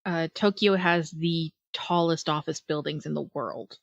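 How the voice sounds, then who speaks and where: A woman from Central New York in casual podcast chat, dropping dry, deadpan quips. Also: deep voice, a little slow, creaky, no room sound, muffled recording.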